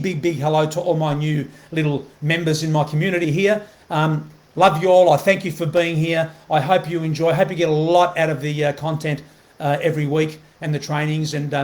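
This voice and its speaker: A man hosting a motivational live video, talking earnestly and often checking in with a questioning "right?", repeating phrases as he goes. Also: fairly high pitch. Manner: earnest, keeps asking "right?" to the viewer; repeats himself, many fillers and restarts. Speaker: motivational host.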